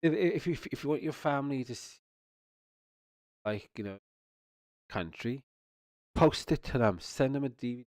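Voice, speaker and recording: A man's voice: medium pitch, moderate pace, long pauses, darkish tone, dry recording, clean studio sound. A man streaming casual ranting commentary, rambling, swearing, stumbling over his words and restarting often. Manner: rambling, swears, stumbles and restarts, repeats "you know what I mean".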